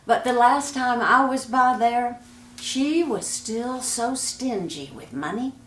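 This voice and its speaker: Female folk storyteller, slow and homespun, slightly high voice. Echoey room. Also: expressive, a bit bright, slight background noise. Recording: roomy echo.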